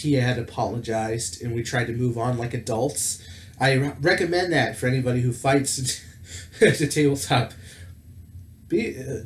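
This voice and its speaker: Man rambling through a story in an echoey room. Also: medium pitch. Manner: rambling, with many fillers and self-corrections. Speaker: tabletop gaming channel host. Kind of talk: casual storytelling monologue. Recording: roomy echo with faint background noise.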